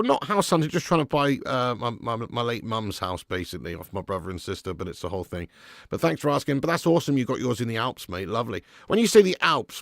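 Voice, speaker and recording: A man's voice: medium pitch, creaky, no echo, clean studio sound. A man hosting a live football watch-along, chatting with viewers by name and commentating with sarcasm.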